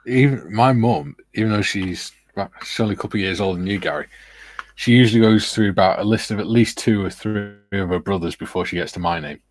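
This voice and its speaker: A man's voice: fairly low pitch, fairly quick, dry recording. A man chatting easygoingly and reading out viewer comments on a modelling livestream. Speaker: co-host of a scale-modelling livestream.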